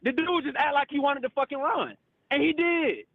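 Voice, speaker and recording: On a call-in show, a male caller rants in heated frustration, swearing and repeating "bro" and "literally." His voice is extremely high and gravelly, at normal speed. The audio is narrow and tinny with no room sound.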